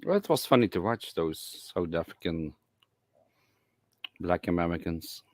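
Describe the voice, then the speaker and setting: A man's voice: low voice, animated, darkish tone. A man hosting a casual live-stream chat, talking bluntly with many fillers and restarts. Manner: halting, with frequent fillers and restarts; blunt and outspoken. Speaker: livestream host.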